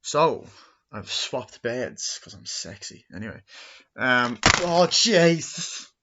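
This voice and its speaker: This casual movie review comes from a man in his twenties sitting indoors in his bedroom, and the lo-fi home recording sounds dull. His mid-range voice is sing-song and sharp as he speaks slowly, rambling profanely and acting out scenes loudly.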